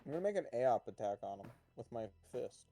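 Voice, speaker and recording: A man playing in a tabletop game, talking in an easygoing way that often trails off quietly. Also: mid-range voice, big pitch swings, fast, over loud music. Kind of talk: casual game chat.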